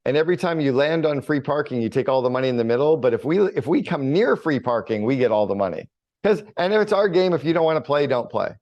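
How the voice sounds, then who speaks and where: A middle-aged man talking in a relaxed interview, blunt and full of energy. He tells his stories casually and swears freely, at an ordinary pitch. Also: fast, lo-fi sound. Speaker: podcast guest, business coach.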